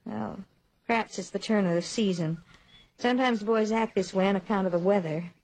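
An actress voicing a kindly stepmother in an old radio play, with a soft, earnest, mid-pitched voice. The delivery is tender and concerned, in a period radio style. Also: fairly quick, close to an everyday voice, poor audio. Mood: caring. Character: gentle caring young stepmother Mary Foster. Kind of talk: 1940s radio acting.

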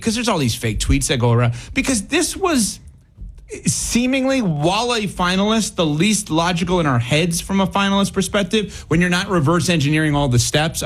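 A man hosting a sports talk show, talking in an animated, excitable way. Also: high-pitched, moderate pace. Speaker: host.

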